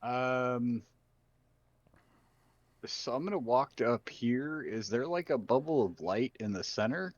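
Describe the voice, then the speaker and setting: A man's voice: mid-range voice, expressive, takes it slowly, pauses often, no echo, lo-fi sound. A man playing in a tabletop game, casual and blunt, sometimes swearing. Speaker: player.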